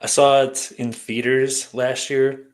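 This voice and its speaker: A man's voice: medium pitch, flat delivery, slow. A man appearing as a guest on a livestream chat over a video call, easygoing as he talks through his views.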